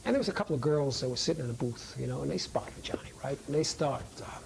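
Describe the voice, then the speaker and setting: A woman's voice: rumbling low, lively intonation, quick pace, gravelly, a little mellow, slight background noise, low-quality recording. A woman telling a first-person story as a monologue, streetwise and conversational, often dropping to a whisper.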